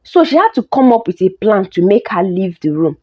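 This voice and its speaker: A woman narrating a folk story in an expressive storytelling way. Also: medium pitch, a little fast, husky. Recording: dull lo-fi recording.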